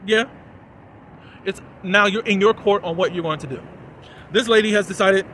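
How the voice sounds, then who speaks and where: Man, casual episode recap, high bright voice, chatty, faint traffic noise outdoors. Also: normal speed, pauses often. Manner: chatty, animated, lots of fillers and "da, da, da". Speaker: TV episode reviewer.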